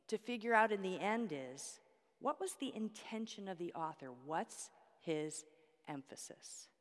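A woman teaching a Bible study class, explaining step by step with props and asking the class questions. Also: on the high side. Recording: long hall reverb.

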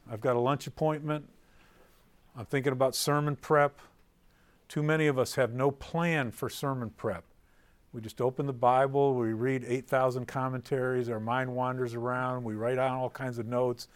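A middle-aged man teaching preachers in a playful live talk, quizzing the audience and swinging between loud and soft delivery. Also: mid-range voice, clean tone.

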